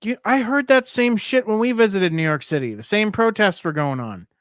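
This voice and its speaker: A man co-hosting a casual podcast, tossing in quick teasing questions and laughing often. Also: high-pitched, lively intonation, a bit bright, dry recording, studio quality. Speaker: podcast co-host.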